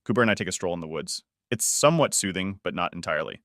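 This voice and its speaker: A man reading a first-person story aloud as scripted narration, in a steady, measured way. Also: low voice, dry recording, studio quality.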